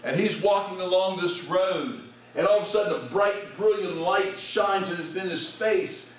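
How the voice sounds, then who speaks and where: A man's voice: high-pitched, measured pace. A male pastor preaching a sermon to his congregation, asking them direct questions. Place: church sanctuary. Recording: very echoey church recording from far off.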